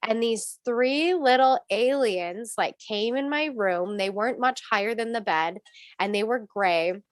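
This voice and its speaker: A woman with a fairly high voice tells a story in a casual interview, animated and acting out what people said. Her voice sounds close and dry, with little room sound. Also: unhurried, no room sound. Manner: animated, acts out quotes, swears, laughs. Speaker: guest, spiritual coach.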